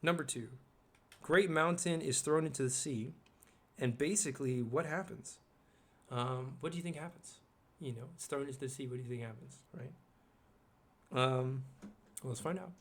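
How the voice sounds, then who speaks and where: A man's voice: medium pitch, moderate pace, long pauses, a bit bright, slightly rough. A man hosting his own video, rambling casually while he works at his desk, often asking the viewer questions and swearing now and then. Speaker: video host.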